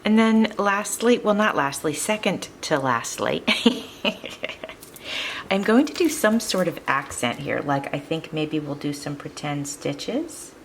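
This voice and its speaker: Low, gravelly-voiced crafting host. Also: female voice, takes it slowly, slight background noise, rough recording. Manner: chatty, upbeat, laughs often while working. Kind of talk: casual crafting tutorial chat.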